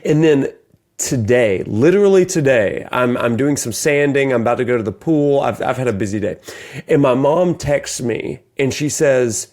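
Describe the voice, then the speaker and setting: A man co-hosting a TV recap podcast, telling a family story in an animated way and laughing often. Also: medium pitch, normal speed. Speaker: podcast co-host. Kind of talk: casual chat.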